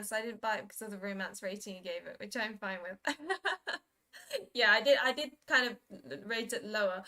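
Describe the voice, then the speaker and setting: A woman's voice: fairly high pitch, pushed and bright. A young woman chatting casually on a live stream, giggling often as she reads and answers viewers' messages. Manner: giggly, reads and answers chat, plays with pronunciations.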